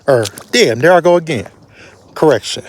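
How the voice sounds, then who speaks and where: A man casually narrating his own travel vlog, slangy and animated, his voice jumping up in surprise. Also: moderate pace. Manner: animated, slangy storyteller with big pitch jumps. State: short of breath at altitude. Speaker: travel vlogger.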